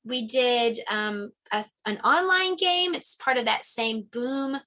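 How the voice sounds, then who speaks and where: Bright, chatty woman explaining crafts. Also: on the high side, animated, slow pace. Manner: friendly, chatty, explains step by step. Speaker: teacher sharing lesson ideas. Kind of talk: casual instructional vlog.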